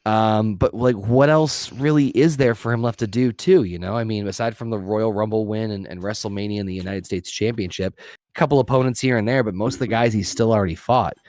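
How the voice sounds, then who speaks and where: A man co-hosting a casual podcast chat with friends, relaxed and swearing freely, laughing often while playing cards. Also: on the low side, a little fast, no echo. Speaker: podcast co-host.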